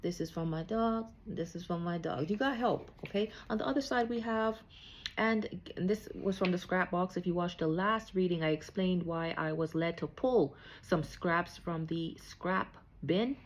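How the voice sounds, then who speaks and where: A woman doing a casual spiritual card reading talks in a voice on the low side at normal speed. Chatty as a psychic reader, she repeatedly checks in with "okay?" after almost every thought, and the recording has a little hiss or hum.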